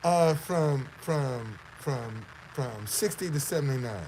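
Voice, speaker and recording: A man's voice: mid-range voice, lively intonation, slow pace, noisy background. A man from the Southern United States with a Southern accent, hosting casual commentary on a clip; he talks emphatically, repeats phrases and throws out rhetorical questions. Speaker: host.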